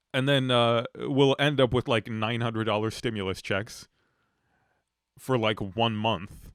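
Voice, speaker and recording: A young man trades loose, profane jokes on a podcast, slipping into mocking voices now and then. His pitch sits mid-range, and the sound is dry and close to the mic. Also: fairly even intonation, slow, pauses often, smooth, no echo. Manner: jokey, profane, does mocking voices of politicians. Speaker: podcast co-host. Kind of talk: casual banter.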